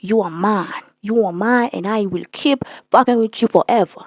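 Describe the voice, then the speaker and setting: A woman's voice: medium pitch, normal speed, no echo, close to an everyday voice. A woman quoting a pushy, obsessive young man who insists and demands in a raised voice. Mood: demanding.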